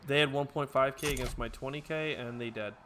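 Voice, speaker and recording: A man commentating his own strategy game playthrough, bursting into excited trash talk and then dropping to quiet mutters. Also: medium pitch, a little fast, background noise. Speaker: let's play gamer. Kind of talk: gameplay commentary. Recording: clear game music behind voice. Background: game background music.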